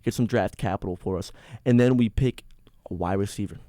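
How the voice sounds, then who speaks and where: A man hosting a sports podcast, ranting alone in an excitable, rambling way with many restarts. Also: lowish voice, fairly quick, no echo, studio quality. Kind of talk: casual solo sports rant.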